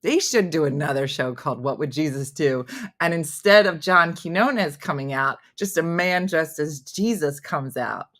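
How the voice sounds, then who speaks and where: A woman's voice: deep voice, moderate pace. Chatty laughing woman hosting a stream. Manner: chatty and animated, laughs often, drops to mock whispers. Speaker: host reading viewer comments. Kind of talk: casual live-stream chat.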